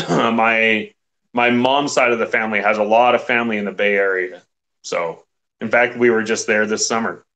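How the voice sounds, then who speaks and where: Bright-voiced laid-back man on a call. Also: fairly low pitch, steady tone, moderate pace. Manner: laid-back, laughs easily. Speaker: guest. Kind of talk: casual chat on a video call.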